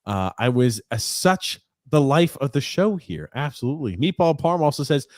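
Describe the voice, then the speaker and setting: A man's voice: mid-range voice, big pitch swings, normal speed, a little mellow, dry recording, clean studio sound. A man co-hosting a casual sports podcast, teasing his partner and laughing often as he talks. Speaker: podcast co-host.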